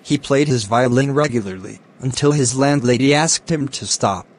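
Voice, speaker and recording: A man reading a scripted animated story in an even, plain way, voicing all the characters. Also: medium pitch, moderate pace. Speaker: narrator.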